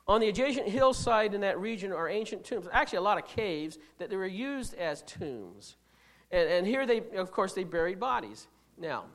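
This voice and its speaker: A preacher delivering a sermon in a mid-pitched voice. The delivery is emphatic, with rhetorical questions thrown to the congregation. It swings between loud stresses and quiet asides, with frequent restarts while reading scripture.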